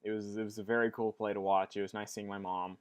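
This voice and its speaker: A man's voice: on the low side, flat delivery, fast, smooth. A young man talking casually in a weekly vlog, rambling and restarting his sentences often. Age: young adult. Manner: rambling, with many restarts and fillers. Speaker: vlogger.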